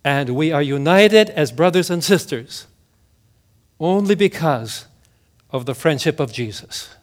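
A male pastor delivering a sermon, slow and emphatic, with dramatic drops to near-whispers. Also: fairly high pitch, expressive.

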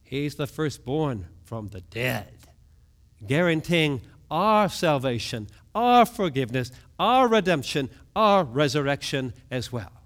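A man preaching a sermon, moving between hushed low lines and sudden raised outbursts, often asking his listeners questions. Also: big pitch swings, slow. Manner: asks the congregation questions. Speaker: pastor.

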